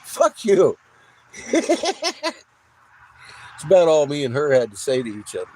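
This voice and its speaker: A man's voice: medium pitch, moderate pace, a little hiss or hum, rough recording. A man vlogger casually telling a story, swearing freely and laughing often as he acts out what others said. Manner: profane, laughs often, animated retelling.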